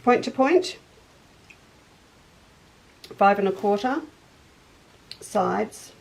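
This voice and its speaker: A woman's voice: mid-range voice, expressive, drawn-out words, gravelly, a little mellow, slight background noise, poor audio. A middle-aged woman hosting a casual live sewing chat, greeting viewers by name as she goes. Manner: chatty, greets viewers by name, eats on air. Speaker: shop owner and livestream host.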